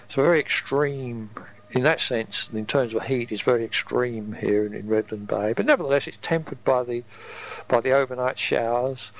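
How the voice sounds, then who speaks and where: An older man from England, his English accent worn thin by long years in Australia, rambles through a spoken tape letter, stopping and repeating himself as he goes. His voice is gravelly with a rough edge. It comes from a dull, lo-fi home tape recording. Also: mid-range voice. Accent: faded English, worn by decades in Australia. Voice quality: rambling, halting, repeats words. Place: home in coastal Queensland.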